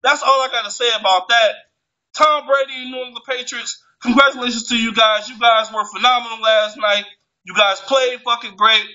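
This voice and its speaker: A man's voice: very high-pitched, fairly even intonation, fairly quick, sharp tone. A man in an angry, profane sports fan rant, heated and swearing, stumbling over his words when worked up, on a muffled lo-fi recording.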